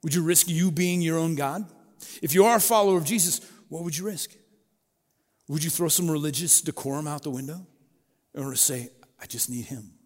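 A middle-aged man preaching a sermon in a relaxed, conversational way, storytelling and acting out quoted voices. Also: a little high, brisk, long reverb tail. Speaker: pastor.

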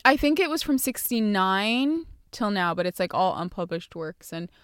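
A woman in her twenties co-hosting a casual podcast chat, animated, laughing often and acting out quotes. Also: medium pitch, normal speed, clear, resonant tone, no room sound. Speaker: podcast co-host.

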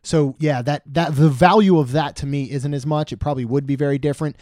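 A man co-hosting a podcast, chatting in a relaxed, wry, joking way. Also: a little high, fast, no echo, studio quality. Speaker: podcast co-host. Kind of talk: casual chat.

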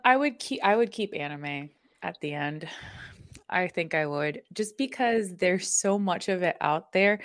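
A woman's voice: deep voice, a bit bright, dry recording, studio quality. Chatty woman podcast co-host. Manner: chatty, with many "like" fillers. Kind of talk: casual podcast chat.

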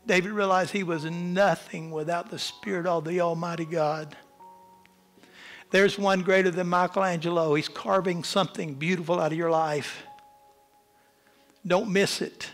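A man's voice: steady tone, moderate pace, a bit bright, faint music behind. A man preaching a sermon as pastor, with impassioned delivery that swells and drops. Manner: impassioned preaching, rising and falling in pitch and volume. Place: church.

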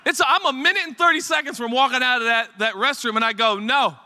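In a church sanctuary with long hall reverb and slight background noise, a middle-aged pastor speaks quickly in a very high voice. Animated and chatty, he tells his congregation a rambling, funny story as part of his sermon, full of rambling asides.

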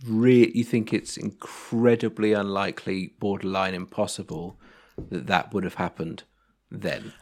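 Guy with a lowish voice, mostly agrees, jumps in with quick questions, casual chat. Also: steady tone, a little mellow. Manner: agreeable, chimes in with short replies and questions. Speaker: podcast co-host.

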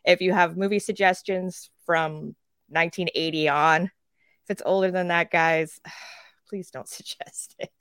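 A woman co-hosting a casual podcast. She rants in a lively way, swears freely and acts out quoted characters. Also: lowish voice, unhurried, clean tone, no echo, clean studio sound. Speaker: podcast co-host.

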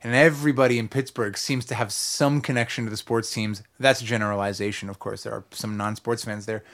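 A man's voice: on the low side, steady tone, a little fast, fairly bright tone. Chatty male podcast host in a studio. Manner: chatty, rambling with fillers. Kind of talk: casual chat. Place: recording studio.

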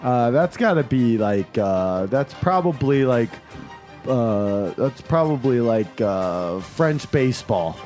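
Man, lively pitch, jokey contestant, fillers everywhere, faint music behind. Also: slow pace. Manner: jokey, hesitant with many fillers. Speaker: quiz contestant. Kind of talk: casual quiz game chat.

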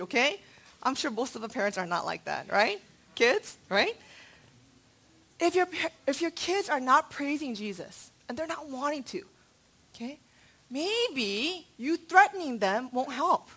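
Lady preacher, high bright voice, lively storytelling, talks right to the congregation. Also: unhurried. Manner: animated storytelling, quizzes the congregation. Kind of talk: sermon to a church family.

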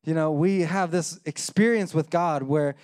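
High-voiced man preaching. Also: measured pace, smooth. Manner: animated, acts out voices in his story. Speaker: pastor. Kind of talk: sermon with storytelling.

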